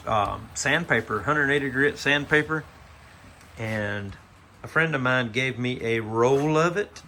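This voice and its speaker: A man with a Southern US accent and a medium-pitched, sharp voice rambles through a folksy, casual tour of his model railroad layout, peppered with fillers and "but anyhow." He films it himself on a handheld phone camera, which picks up a little hiss or hum.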